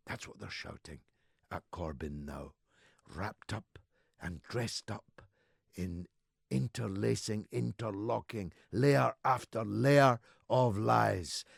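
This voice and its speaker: A man in his sixties, a radio host delivering an impassioned political monologue, swinging between low murmurs and loud declamations with rhetorical repetition. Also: gravelly, husky, no echo, clean studio sound. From Scotland. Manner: rhetorical repetition, drawn-out emphatic words. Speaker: radio talk show host.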